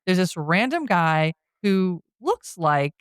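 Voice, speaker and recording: A woman's voice: fairly low pitch, sing-song, slow pace, clear, resonant tone, no echo. Chatty woman recapping a film, dry. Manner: chatty storytelling, with frequent "you know" and "like". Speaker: podcast host. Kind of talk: casual movie recap.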